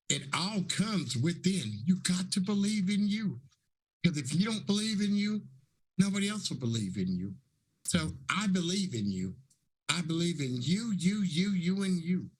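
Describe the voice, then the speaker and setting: A raspy man in his fifties speaks on a panel in a fairly high voice. He is effusive and preachy and repeats his phrases for emphasis. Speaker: panelist and talk show host. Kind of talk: casual panel talk.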